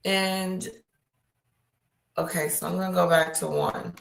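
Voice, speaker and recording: Brief: gravelly, low woman streamer, roomy echo. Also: fairly even intonation. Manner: unhurried, talks to chat. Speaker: livestream host. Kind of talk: casual livestream chat. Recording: echoey room.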